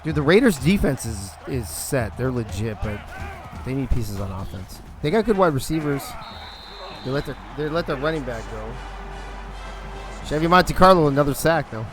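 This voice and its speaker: A man's voice: mid-range voice, sing-song, normal speed, music in the background. Chatty man hosting a game stream. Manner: chatty, joking, thinks aloud. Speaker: league organizer and stream host. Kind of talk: casual live-stream chat over a video game.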